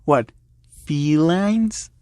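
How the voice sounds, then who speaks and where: A man's voice: fairly high pitch, drawn-out words, dark tone, clean tone, no room sound, studio quality. A man reading the lines of a shy cat-eared boy hero student, hesitant and stuttering. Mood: earnest.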